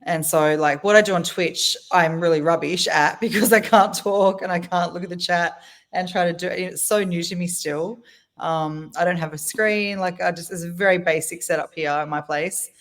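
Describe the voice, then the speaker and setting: Chatty Australian woman, lowish voice. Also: fairly even intonation, moderate pace. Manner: chatty storyteller, laughs often, acts out quotes. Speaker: guest DJ. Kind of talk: casual chat.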